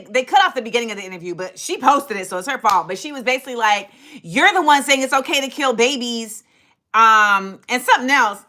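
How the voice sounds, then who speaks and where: Middle-aged woman host, dramatic storyteller, lively high pitch. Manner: animated, dramatic retelling with acted-out quotes and laughter. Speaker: livestream host. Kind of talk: casual storytelling to a live chat.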